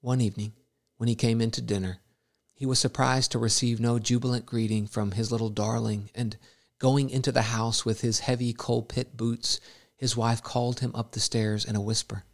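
A man reading a devotional story and scripture in a measured, solemn way. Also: mid-range voice, little pitch movement. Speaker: narrator.

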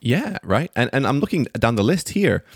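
A man's voice: mid-range voice, big pitch swings, normal speed, husky. A man hosting an interview, asking curious questions and steering the conversation. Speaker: interview host.

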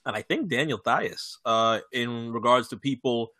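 A man's voice: medium pitch, measured pace, no room sound. A young man co-hosting a casual podcast, talking loosely, swearing and laughing a lot. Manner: laughs often, swears, animated. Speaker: podcast co-host.

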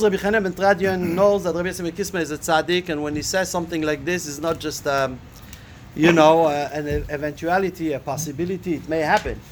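A man teaches a Talmud lesson. He reads a passage aloud and then unpacks it with rhetorical questions, pausing on fillers as he thinks. A faint hiss sits under his voice. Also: high voice, a bit bright. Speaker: Torah teacher. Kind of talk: Talmud lesson, reading and translating a text.

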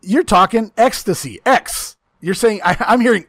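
A man's voice: sits high, animated, normal speed, a bit bright, no room sound. A man hosting a casual chat, telling a long profane story, often laughing and acting out the lines he quotes.

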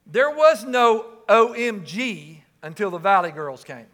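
Impassioned high-voiced male preacher. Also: big pitch swings, a little slow. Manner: impassioned, rising to shouts on key lines. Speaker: pastor. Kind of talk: sermon. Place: church sanctuary. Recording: reverberant church hall.

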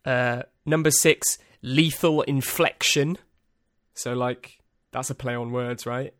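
Male podcast host, unhurried, deadpan and rambling, close dead-room mic. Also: medium pitch, no echo. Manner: rambling, dry, self-amused, lots of ums and uhs. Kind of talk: casual solo podcast monologue.

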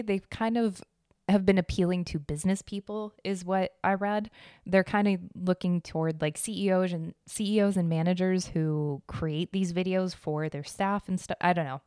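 Chatty low-voiced woman podcast host. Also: a little mellow, smooth, no room sound, clean studio sound. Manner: chatty and rambling, with fillers, blunt and swearing. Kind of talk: casual news podcast commentary.

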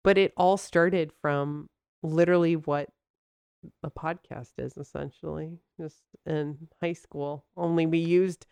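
A woman's voice: low voice, steady tone, unhurried, creaky, mellow, smooth, no room sound. A woman co-hosting a podcast in casual chat, bubbly and rambling, laughing often as she talks. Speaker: podcast co-host.

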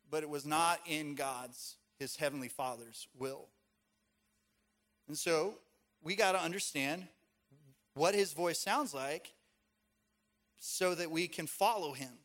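Male pastor, sermon delivery, chatty storyteller, slightly high voice. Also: lively intonation, a little slow, pauses often, fairly bright tone. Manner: conversational, storytelling with casual fillers.

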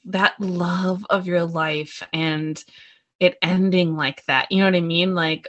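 A woman's voice: fairly low pitch, steady tone, a little slow, a bit bright. A woman co-hosting a podcast, reacting with exclamations to a TV recap. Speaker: podcast co-host. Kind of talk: casual chat.

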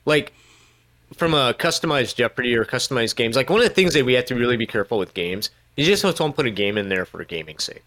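A man's voice: mid-range voice, animated, quick pace, a bit bright. Chatty male podcast host. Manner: chatty, full of "like" and asides. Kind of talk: casual podcast chat.

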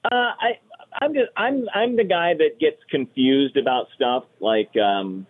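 A man's voice: a little high, a little slow, husky. A man telling dad jokes in a casual comedy podcast chat, jokey and self-deprecating, often trailing off mid-sentence. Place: golf course. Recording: tinny phone-like sound.

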